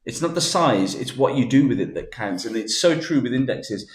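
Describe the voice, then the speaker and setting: A man's voice: medium pitch, lively intonation, normal speed, echoey room. A man, a guest mentalist chatting casually and joking on a live stream. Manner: joking, playful innuendo.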